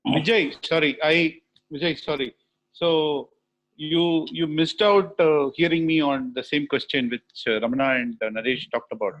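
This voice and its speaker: A man with a somewhat higher voice interjects apologetically as a panelist on a video call. His audio sounds dull and muffled. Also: normal speed, a bit bright.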